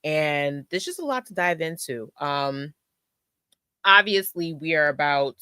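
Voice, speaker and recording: A host chatting casually on a live stream, close to the mic, repeating phrases and giving shout-outs. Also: mid-range voice, expressive, unhurried, clean tone, no room sound.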